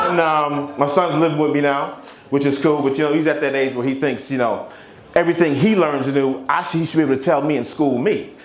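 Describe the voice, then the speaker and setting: Profane fifty-year-old stand-up comic. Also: male voice, a little high, steady tone, fairly quick. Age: 50s. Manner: profane, punchy delivery. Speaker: stand-up comedian. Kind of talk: stand-up set. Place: comedy club stage. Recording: echoey club with crowd.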